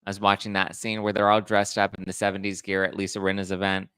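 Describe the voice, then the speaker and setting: A man's voice: low voice, monotone, fast talker, a bit bright, clean tone, no echo. A man hosting a live pop culture chat, reading viewer comments and acting out quotes in a chatty, camp way. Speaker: host.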